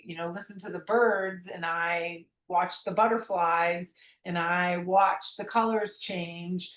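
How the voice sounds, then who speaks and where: Earnest, rambling woman in an echoey room. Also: fairly low pitch. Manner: earnest, rambling, many restarts. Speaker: guest, memoir author. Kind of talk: reflective conversational interview.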